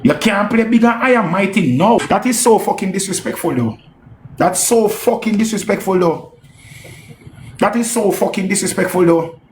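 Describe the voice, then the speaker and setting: A man with a Jamaican accent giving casual, animated reaction commentary on a live stream, repeating himself and swearing as he slips into patois. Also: high-pitched, moderate pace, echoey room, a little hiss or hum. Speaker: music commentator.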